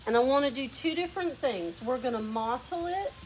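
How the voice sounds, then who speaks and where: A woman's voice: high voice, lively intonation, a little fast, a little hiss or hum, poor audio. A woman with a lazy Southern drawl hosting a painting demo in a workshop, chatting and coaching a helper as she works. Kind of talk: hands-on demonstration.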